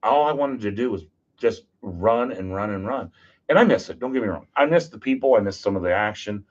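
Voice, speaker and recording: A man, a podcast guest, telling stories in a casual, animated, joking way and acting out what people said. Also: lowish voice, a little fast. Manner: animated, jokey, acts out quotes. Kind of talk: casual storytelling. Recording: dull lo-fi podcast audio.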